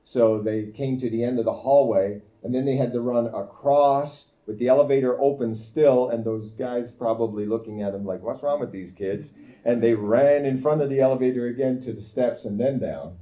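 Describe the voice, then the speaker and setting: A man's voice: mid-range voice, moderate pace, hardly any pauses. A man preaching at a camp meeting, telling a family story in an anecdotal way, full of fillers and restarts. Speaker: guest preacher. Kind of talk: storytelling sermon. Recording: dull lo-fi recording.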